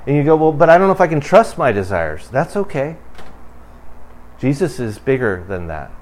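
At a moderate pace and with a sing-song delivery, a man preaches as a pastor. His conversational sermon swells into emphatic bursts before sinking low and quiet.

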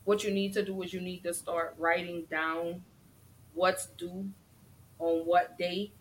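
A woman hosting a casual live-streamed mental health talk show, chatty and effusive, shouting out viewers. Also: fairly low pitch, level tone, measured pace, a little hiss or hum, poor audio.

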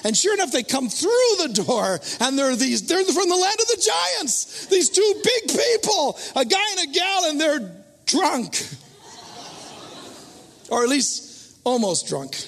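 Animated, high-voiced male preacher. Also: unhurried, big-room sound, a little hiss or hum. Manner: animated, self-mocking, acts out his own thoughts in loud voices. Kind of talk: storytelling sermon.

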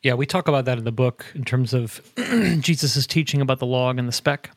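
A middle-aged man co-hosting a casual faith podcast, an animated storyteller who talks in quick bursts and laughs often. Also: medium pitch, dry recording. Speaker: podcast co-host. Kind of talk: casual chat. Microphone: headset earbuds at a desk.

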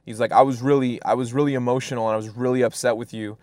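A young man from Fresno, California, tells a personal story as a guest storyteller, speaking casually and rambling with many fillers and restarts. His mid-range, slightly mellow voice is quick and fairly even, with no room sound.

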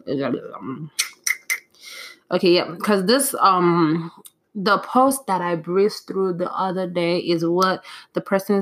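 A woman hosting a solo podcast, talking casually in a rambling, scattered way with frequent restarts, audibly frustrated and flustered. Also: on the low side. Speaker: podcast host.

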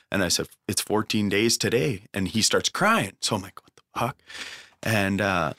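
A man's voice: lowish voice, animated, brisk, a bit bright, dry recording. A young man telling an emotional recovery story in a casual way, swearing freely and using lots of fillers. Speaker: guest sharing a recovery story.

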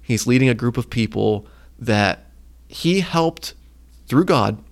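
Gravelly-voiced man co-hosting a faith podcast. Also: mid-range voice, slow. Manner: retells stories with lively acted-out quotes. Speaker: podcast co-host. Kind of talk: casual faith podcast chat.

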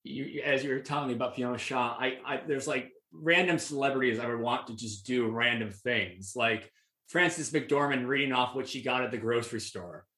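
A man's voice: medium pitch, normal speed, bright, forceful tone. A man hosting an interview, chatty and eager, often restarting his questions. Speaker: podcast host. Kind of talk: casual interview chat. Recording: echoey room.

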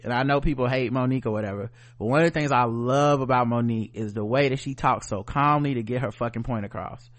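A man co-hosting a podcast in casual chat. He speaks bluntly, swears freely and gets animated. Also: medium pitch. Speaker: podcast co-host.

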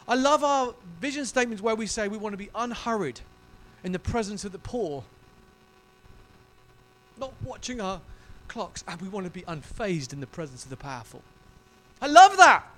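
A male pastor preaching a sermon in an emotional, effusive and animated way. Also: very high voice.

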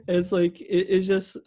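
Rambling gravelly man, laughing podcast co-host. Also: sits high, dark tone. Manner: rambling, laughs often, many fillers and restarts. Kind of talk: casual chat.

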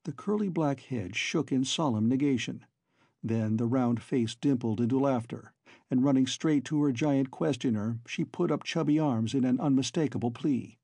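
A man narrating an audiobook in a steady, even storytelling voice. His tone is dark and mellow with a husky edge. It is recorded close and completely dry. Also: mid-range voice, normal speed, no room sound. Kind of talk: scripted narration.

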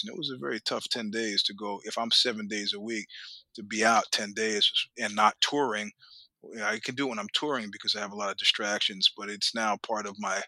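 An older man as an interview guest, telling animated anecdotes with acted quotes and laughter. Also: lowish voice, no room sound. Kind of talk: storytelling interview.

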